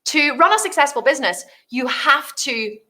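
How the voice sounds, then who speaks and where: A woman's voice: high voice, expressive, moderate pace, bright, forceful tone. A woman business coach hosting a solo podcast, talking casually and animatedly, swearing freely and acting out the voices of people she describes.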